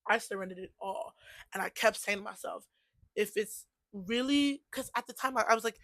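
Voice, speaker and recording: A young woman vlogging a personal faith testimony, telling her story in a chatty, animated way with laughs and fillers. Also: mid-range voice, a little fast, no echo. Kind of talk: casual testimony vlog.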